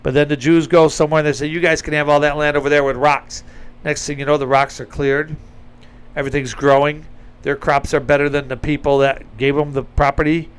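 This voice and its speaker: A man's voice: fairly high pitch, flat delivery, brisk, clear, resonant tone. A man giving a blunt, emphatic opinion monologue with sarcastic asides, talking straight to his audience. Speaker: commentator.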